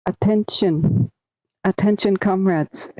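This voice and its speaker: A woman voicing a stern Soviet broadcast announcer who gives slow, loud, commanding evacuation orders into a headset mic. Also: medium pitch, no echo, muffled recording, close to an everyday voice.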